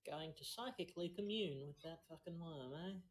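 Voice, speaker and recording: A woman's voice: sits low, moderate pace. A woman playing a tabletop game, dropping wry, joking asides. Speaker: player. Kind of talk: casual tabletop play.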